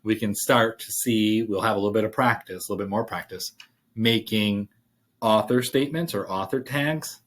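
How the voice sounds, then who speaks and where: This college writing instructor speaks at a fairly low pitch and a moderate pace. Typing as he goes, he talks through a worksheet on a screen share in a casual, thinking-aloud way full of fillers.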